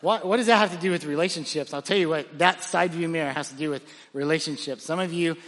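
A pastor preaching with a high, bright, forceful voice, lively and full of stories, often stumbling over repeated words as he restarts. He is recorded in a large church auditorium, and his voice carries a long hall reverb. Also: fast talker. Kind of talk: sermon.

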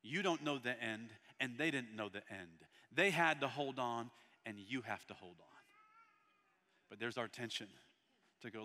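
A man preaching a sermon in a church, reading scripture aloud and breaking off to speak to the congregation, with a delivery that swings between loud and soft. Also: mid-range voice, animated, a little slow, big-room sound. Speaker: pastor.

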